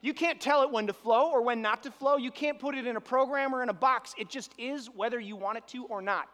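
A man preaching a sermon as pastor, animated, piling up rhetorical questions and swinging from loud emphasis to hushed asides. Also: very high voice, a little fast, in a large hall.

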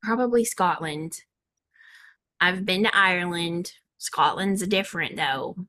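A woman's voice: lowish voice, unhurried, pushed and bright. A woman in her thirties with a Southern country accent, chatting playfully and laughing often as co-host. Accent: American Southern country. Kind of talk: casual chat.

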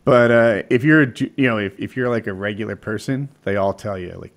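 A man in casual chat, telling fight stories in an animated, excitable way. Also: on the low side, fairly quick.

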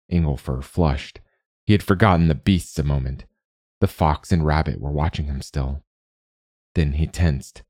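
Male narrator for a fantasy storybook: low, steady, measured, dry close-mic sound. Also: no echo.

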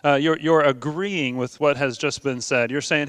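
A man preaching with a slightly high, smooth voice. He talks earnestly and conversationally, often pausing on ums and uhs. The sound is dry and close, with no room echo. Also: steady tone, fairly bright tone. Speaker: pastor. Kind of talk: sermon.

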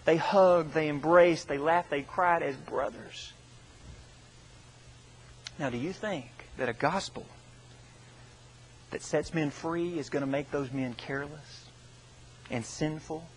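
Earnest preacher man, slightly high voice. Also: slow, long pauses, slight background noise, low-quality recording. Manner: earnest, dramatic storytelling with sharp drops in volume. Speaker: pastor. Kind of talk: sermon.

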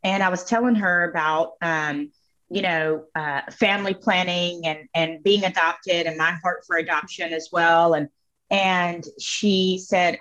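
A woman speaking as a guest on a faith podcast, telling personal stories in an expressive, emphatic way. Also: fairly low pitch, a little slow. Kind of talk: faith-based podcast conversation. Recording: slightly dull lo-fi audio.

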